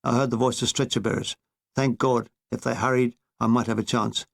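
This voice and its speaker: A man's voice: mid-range voice, fairly even intonation, brisk, creaky. A man narrating his own war memoir as an audiobook, in a dry, wry storytelling manner.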